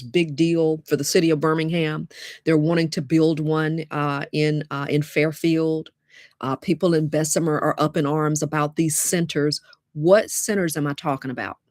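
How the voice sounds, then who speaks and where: A woman hosting a live webinar, chatty and lively, talking straight to her viewers. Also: deep voice, normal speed, no room sound, studio quality. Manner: lively, chatty, addresses audience as y'all. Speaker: webinar host and dating coach.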